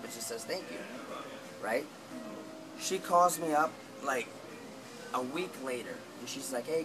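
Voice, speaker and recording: A man telling a long story in casual, rambling talk, with lots of swearing and animated retellings of what people said. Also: mid-range voice, rough recording.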